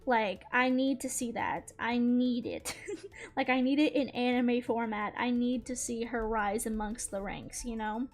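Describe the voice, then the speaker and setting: High-pitched streamer girl gushing away while she draws, laughs a lot, swears casually, faint music behind. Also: unhurried. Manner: gushing, excitable fan chatter with frequent laughs and casual swearing. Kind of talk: casual chat while drawing.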